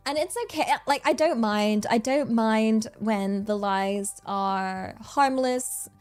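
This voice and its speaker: Animated, laughing woman streamer. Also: a little high, slow, clear, resonant tone, soft background music. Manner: animated, laughs often, rambling. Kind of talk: casual chat.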